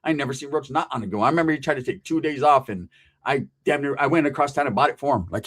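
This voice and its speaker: A man's voice: medium pitch, fast, breathy edge. A man telling a profane, streetwise story in casual talk and acting out the people in it. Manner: animated, streetwise, acts out the people he quotes.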